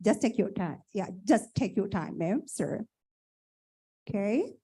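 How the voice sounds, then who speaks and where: A woman's voice: mid-range voice, lively intonation, takes it slowly, dark tone, slightly rough. A woman moderating an online conference, polite and apologetic, often repeating her questions.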